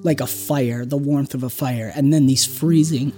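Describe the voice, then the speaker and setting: Tabletop game master, mid pitch, soft unhurried scene narration. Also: fairly even intonation, soft background music. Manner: slow, drawn-out storytelling with soft drops in volume.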